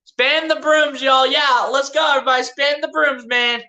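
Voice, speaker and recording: A woman's voice: high voice, steady tone, moderate pace, pushed and bright. A woman streaming live play-by-play as a fan, calling plays and trash-talking rivals, laughing often. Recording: roomy echo.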